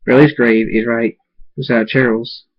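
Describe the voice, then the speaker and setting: A man voicing a devoted father stallion who speaks softly and earnestly. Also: medium pitch, level tone, unhurried, lo-fi sound, lightly acted.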